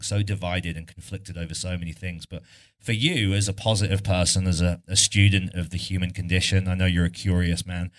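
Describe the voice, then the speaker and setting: A man hosting a live podcast interview on stage, asking long, measured questions. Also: low-pitched, a bit bright. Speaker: podcast host. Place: arts club stage, indoors.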